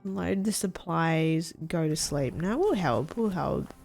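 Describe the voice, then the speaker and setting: A woman's voice: low-pitched, animated, slow, vocal fry, a little mellow, faint music behind. A woman streaming a game, giving casual commentary, exclaiming and swearing as things go wrong. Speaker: gaming streamer. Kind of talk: casual let's-play commentary.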